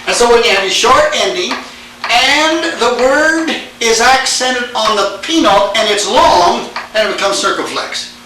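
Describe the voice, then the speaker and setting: A man's voice: extremely high pitch, animated, a little slow, sharp tone, slight background noise. A man teaching Greek grammar in a classroom, quizzing students with "all right?" and "now then". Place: church classroom. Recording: echoey room tape from far off.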